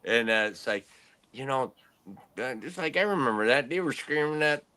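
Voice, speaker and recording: A man's voice: mid-range voice, animated, normal speed, sharp tone, clean tone. A man in his late fifties, a podcast host, telling rambling stories in casual chat and laughing often. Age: 50s.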